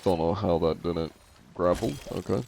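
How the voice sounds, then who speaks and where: A man's voice: low voice, steady tone, normal speed, creaky, a little mellow, slight background noise, rough recording. A man streaming a game, chatting casually and swearing now and then. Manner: laid-back, swears casually. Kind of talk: casual gameplay chat.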